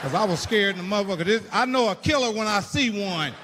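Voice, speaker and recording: High-voiced profane man doing stand-up. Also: fast talker, background noise. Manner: animated, profane, acts out the people in his stories. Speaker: stand-up comedian. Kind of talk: stand-up storytelling. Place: stage in a large venue with a live audience. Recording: live hall reverb and a loud laughing crowd.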